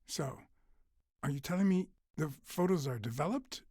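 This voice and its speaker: An actor playing a grown male cat private detective in a video game, speaking calmly and deliberately with a husky voice. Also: on the high side, no echo, clean studio sound. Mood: calm probing. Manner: calm, questioning, deliberate.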